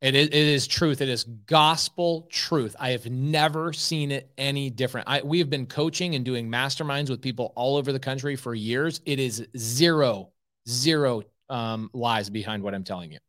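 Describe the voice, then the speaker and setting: A man's voice: mid-range voice, moderate pace, fairly bright tone. A man hosting a live coaching podcast in a casual, talky way. He is blunt and emphatic and hammers his points by saying them again, in a mid-range voice. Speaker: podcast host and real estate coach.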